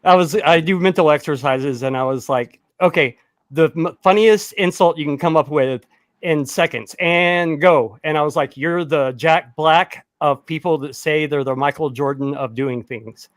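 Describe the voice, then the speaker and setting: A man's voice: on the high side, normal speed, no echo. A man telling rambling, self-mocking stories while recovering from surgery and short on sleep. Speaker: guest. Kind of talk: casual chat.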